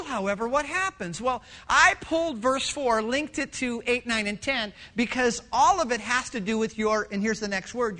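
A middle-aged male pastor preaching a sermon with passion, swinging from loud to hushed. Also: very high voice.

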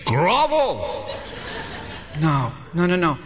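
Male pastor, sermon, high bright voice, acts out dialogues, long church hall reverb. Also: lively intonation, normal speed.

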